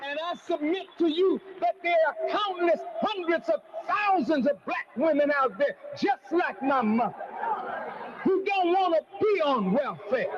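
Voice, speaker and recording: High-voiced man preaching with fire. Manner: declamatory, shouting for emphasis, drawn-out words. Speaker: preacher addressing a congregation. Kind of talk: fiery sermon. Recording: lo-fi, noisy live recording.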